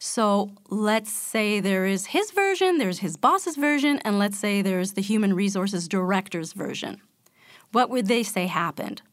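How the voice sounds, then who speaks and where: A woman gives a calm self-help talk, explaining her points steadily and addressing the listener directly. Her voice sits at an ordinary middle pitch in a dry, close recording. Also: a little slow, dry recording. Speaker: motivational speaker.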